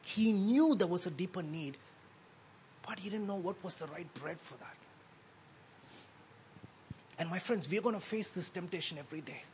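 A man's voice: high voice, expressive, moderate pace, long pauses, slight background noise. A man preaching a sermon in a conversational way, often adding "right?" and repeating words as he speaks.

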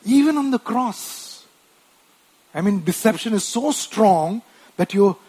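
A man delivers a sermon at an unhurried pace, and his voice has a husky, breathy edge. He sits a little higher in pitch than most men. He talks to his listeners in a loose, conversational way, checking in with short tag questions as he goes. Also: expressive, warm tone. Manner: wife mentioned. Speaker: preacher.

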